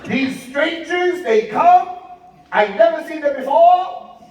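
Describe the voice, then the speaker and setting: A man's voice: very high-pitched, expressive, takes it slowly, pitched above the performer's own voice, heavily acted. A man on stage voicing his suspicious, exasperated mother, questioning him indignantly. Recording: echoey hall from far off, crowd.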